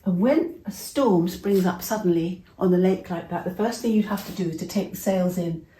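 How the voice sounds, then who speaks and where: A woman's voice: lowish voice, normal speed, reverberant, poor audio. Older woman telling children a story. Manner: warm, interactive, asks children questions.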